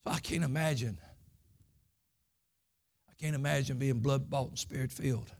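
A man's voice: mid-range voice, normal speed, darkish tone. A man preaching a Sunday school lesson, telling his own testimony in folksy, earnest, plain country speech. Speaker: pastor.

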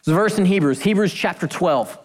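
A woman preaching a sermon, animated and emphatic, with jokey asides and slowed-down key phrases. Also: on the low side, in a large hall.

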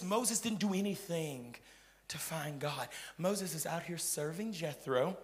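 A man preaching a sermon in a church hall, swinging between loud outbursts and hushed whispers. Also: on the high side, lively intonation, measured pace. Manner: dynamic, swinging from shouts to whispers. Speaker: pastor. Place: church hall with a live audience.

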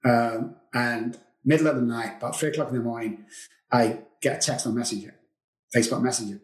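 A man's voice: mid-range voice, fairly even intonation, brisk. A middle-aged man speaks as an interview guest, recounting personal hardships in an earnest, confessional manner. He circles back on phrases to drive them home. The recording has a noticeable roomy echo. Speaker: guest, addiction recovery expert. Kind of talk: emotional personal storytelling.

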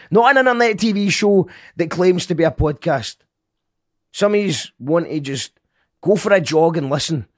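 Male podcast host, slightly high husky voice, earnest and stumbling, dry close sound. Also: dry recording. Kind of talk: casual chat to listeners.

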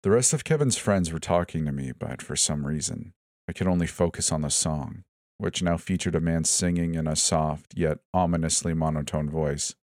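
Brief: male horror narrator, very low voice, dry close sound, tense first-person telling. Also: moderate pace, a little mellow, dry recording. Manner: tense first-person storytelling, voicing each character in turn. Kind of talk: scripted horror story narration.

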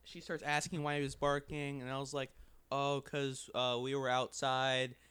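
A young man telling a story among friends in a casual, animated way, laughing and swearing. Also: mid-range voice, normal speed, clear, resonant tone, dry recording.

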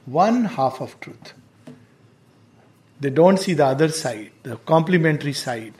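Spiritual teacher, high voice. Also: male voice, expressive, darkish tone. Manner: measured, explanatory, with hesitations. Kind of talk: reflective spiritual lecture. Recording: roomy echo.

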